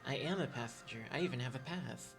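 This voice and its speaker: A man's voice: medium pitch, quick pace, gravelly, fairly bright tone. A man reading game dialogue aloud, voicing an eager, stubborn young boy adventurer in an earnest, cheeky manner. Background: game music.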